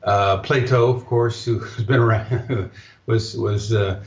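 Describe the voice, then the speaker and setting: A man with a low voice talks as a guest, halting and filling gaps with ums and restarts. His sound is roomy and echoey. It comes through a dull, lo-fi line. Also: steady tone. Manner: halting, many fillers and restarts. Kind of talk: casual interview talk.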